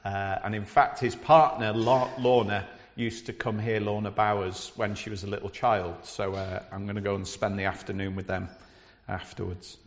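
A man's voice: on the low side, level tone, moderate pace. A middle-aged man with a Scouse accent from Liverpool, a visiting preacher chatting to the congregation with frequent hesitations, then reading scripture. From Liverpool, England. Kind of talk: church service address. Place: church. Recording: reverberant church hall.

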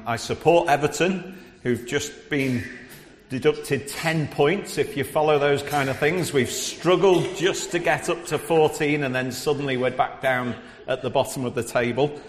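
A man's voice: mid-range voice, slight background noise. A middle-aged man with a Scouse accent from Liverpool, a visiting preacher chatting to the congregation with frequent hesitations, then reading scripture. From Liverpool, England. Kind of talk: church service address. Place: church. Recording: reverberant church hall.

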